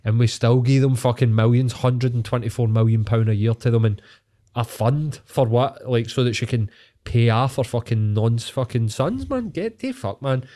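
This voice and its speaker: A man's voice: mid-range voice, moderate pace, dark tone. A man with a Glaswegian Scottish accent, co-hosting a podcast in casual chat, ranting heatedly and swearing a lot. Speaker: podcast co-host.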